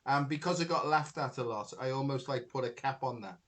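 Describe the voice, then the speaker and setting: A man's voice: medium pitch, fairly quick, a bit bright. A middle-aged man, hosting a talk show and telling a long story in a rambling way, full of fillers. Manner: rambling, chatty, many fillers like "you know" and "right". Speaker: podcast host, spiritual healer. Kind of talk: casual conversation, storytelling.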